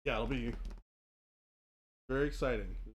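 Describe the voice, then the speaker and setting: A man's voice: mid-range voice, normal speed, breathy edge. A man co-hosting a hobby livestream, answering chat questions in an easygoing way with a lot of fillers. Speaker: co-host of a miniature painting livestream.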